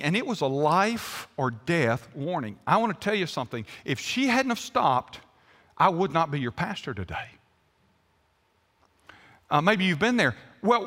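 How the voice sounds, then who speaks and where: Animated pastor with a high, bright voice. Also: male voice, big-room sound. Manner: animated, emphatic storytelling. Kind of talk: sermon.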